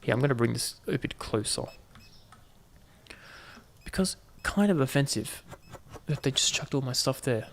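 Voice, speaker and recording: A man talks his way through a game in a loose, chatty commentary. His voice has a gravelly rasp and sits at an ordinary middle pitch. He keeps throwing playful asides to his viewers. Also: lively intonation, normal speed, long pauses. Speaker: gaming channel host. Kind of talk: casual gameplay commentary.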